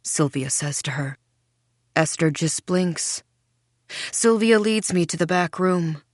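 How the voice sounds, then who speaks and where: A woman narrating a first-person thriller audiobook in a wry, dark, measured way. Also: on the low side, animated, dry recording, studio quality.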